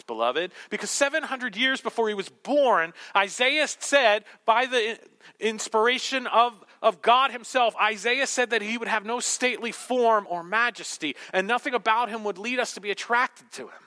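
A male pastor delivers a sermon to a congregation in a high, bright voice. He leans hard on key words, then falls to a near whisper for emphasis. His delivery stays theatrical and insistent throughout. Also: animated, moderate pace. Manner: dramatic swings from loud emphasis to hushed whisper. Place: church hall with congregation.

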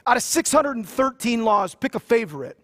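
A man's voice: very high-pitched, very animated, brisk, a bit bright. A pastor preaching a sermon. He reads scripture aloud and retells it in casual, joking everyday talk. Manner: casual and joking, with slang asides.

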